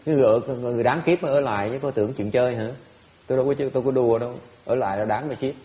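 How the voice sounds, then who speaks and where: A man's voice: medium pitch, rapid-fire, warm tone. Blunt, teasing male Buddhist teacher in a hall. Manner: blunt and teasing, laughs often, repeats words. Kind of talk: Dharma talk answering questions.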